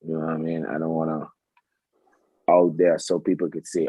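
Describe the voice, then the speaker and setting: A man's voice: extremely low pitch, little pitch movement, normal speed, pauses often, dark tone, slightly rough, no echo. A man chatting on a video call, laid-back and rambling, often repeating himself. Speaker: guest on a call. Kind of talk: casual chat on a video call. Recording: dull, lo-fi call audio.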